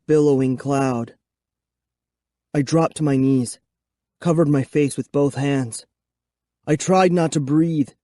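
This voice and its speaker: A man reading a children's horror book aloud in first person, with a measured, suspenseful delivery. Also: fairly high pitch, mellow, no echo, studio quality. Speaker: audiobook narrator. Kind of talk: scripted first-person narration.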